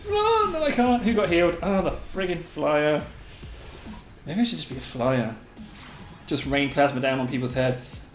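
A host giving live gameplay commentary, excitable and giggly, squealing a high catchphrase, then muttering quietly to themself. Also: normal speed. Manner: mutters quietly to self between bursts. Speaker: gaming video host. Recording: roomy echo, faint game music behind.

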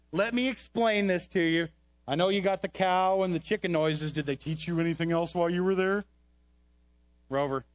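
A man runs a comedic children's skit on a church stage, speaking into a handheld microphone. His voice sits high, and he keeps scolding and coaxing a playful puppet dog, sounding exasperated. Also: a bit bright, a little hiss or hum. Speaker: children's ministry presenter.

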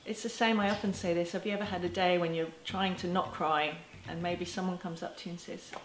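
Gentle woman talking in an echoey room. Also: on the low side, fairly even intonation, a little fast, a little hiss or hum. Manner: gentle and reassuring, with soft laughs. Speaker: parenting educator. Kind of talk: talking to camera. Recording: echoey room with faint ambience.

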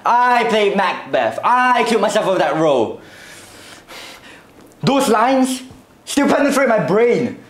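A man's voice: high voice, very animated, a little slow, long pauses, roomy sound. Man playing a fed-up actor, indignant and sarcastic. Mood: bitter. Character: frustrated male actor fed up with bit parts. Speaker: actor in a short film scene. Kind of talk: acting-class film scene.

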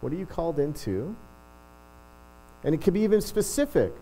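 A man's voice: fairly high pitch, sing-song, moderate pace, warm tone, a little hiss or hum, poor audio. A middle-aged male pastor giving a casual, self-deprecating sermon, often restarting his sentences. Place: church.

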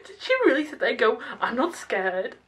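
A young woman hosting a reaction video, chatting excitably, laughing often and using slang. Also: on the high side, fairly quick, a crowd in the background, low-quality recording. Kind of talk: casual reaction commentary.

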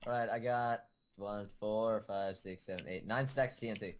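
A man's voice: fairly low pitch, fairly even intonation, moderate pace. A young man joining a gaming session, chatting casually and joking around. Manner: laid-back, joking. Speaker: co-player.

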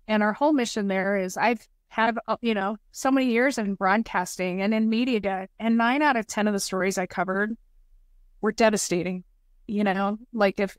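A woman's voice: mid-range voice, no room sound. Woman, 40s, earnest heartfelt storyteller, repeats her motto, dry recording. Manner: heartfelt, repeats motivational phrases. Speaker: podcast guest, nonprofit founder.

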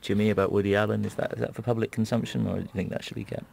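A man's voice: fairly low pitch, flat delivery, very fast, vocal fry, darkish tone, a little hiss or hum. A man from Britain chatting through a film commentary in a dry, teasing, conversational way. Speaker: actor giving a film commentary. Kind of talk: casual commentary chat.

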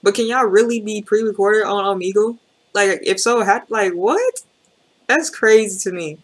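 A woman's voice: medium pitch, moderate pace. A woman hosting a reaction video, talking casually and chattily with slang and lots of fillers.

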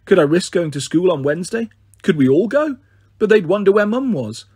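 A man reads a children's story aloud in a measured, steady way. His voice is husky and sits fairly high, and the recording is dry and close. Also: no echo. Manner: steady, measured first-person reading. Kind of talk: audiobook narration.

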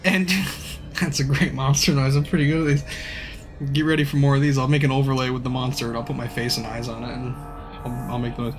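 A young man streaming a game, rambling, swearing and telling stories in animated bursts. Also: mid-range voice, quick pace, faint music behind. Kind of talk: live-stream gameplay commentary.

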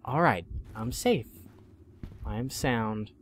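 Jittery swearing man, lively pitch. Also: slow pace, slight background noise. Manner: jumpy, swearing, talks to the game. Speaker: gaming YouTuber. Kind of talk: horror game let's play commentary.

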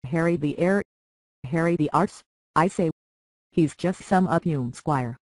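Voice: medium pitch, measured pace, darkish tone, no echo, natural voice. A reader voicing a blunt young knight who mocks a rival, in an audiobook. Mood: mocking. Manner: blunt, mocking.

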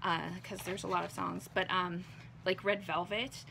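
A young woman with a low-set, gravelly voice that still cuts through with a bright, forceful edge. She is losing her voice and sounds hoarse. She chats casually through an unboxing, wandering from thought to thought with plenty of ums and likes, over a faint hiss of background noise. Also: flat delivery, moderate pace. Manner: rambling, lots of ums and likes, self-correcting. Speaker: vlogger.

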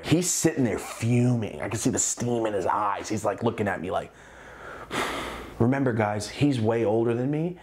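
Profane, animated young man telling a story. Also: mid-range voice, normal speed. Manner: profane, animated, acts out quoted voices. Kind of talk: casual storytelling.

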